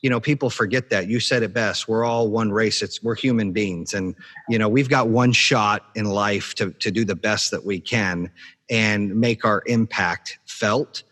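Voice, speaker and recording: A man's voice: on the low side, a little slow, fairly bright tone. A man hosting a podcast interview, speaking in an encouraging, motivational way in casual chat. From Arizona, USA. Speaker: podcast host.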